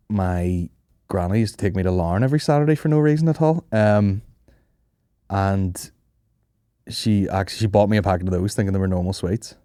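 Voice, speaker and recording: Profane man, low voice. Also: warm tone, clear, resonant tone, no room sound, clean studio sound. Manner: profane, rambling, laughs often. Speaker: podcast host. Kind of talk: casual comedic storytelling.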